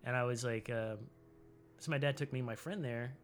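A man in his forties from Tennessee tells a story on a podcast in relaxed, rambling chat. He fills his sentences with "like" and now and then acts out quotes in a sudden high voice. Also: a little fast, a little hiss or hum. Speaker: podcast co-host.

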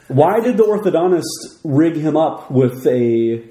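A man co-hosting a casual podcast, recapping a TV episode in a relaxed, hesitant way with many fillers. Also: fairly high pitch, a little slow. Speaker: podcast co-host. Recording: echoey room.

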